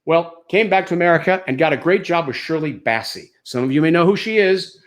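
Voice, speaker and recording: An older man who is a comedian, telling stand-up stories in an animated, anecdotal way built around punchlines. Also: fairly high pitch, brisk. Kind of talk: stand-up storytelling.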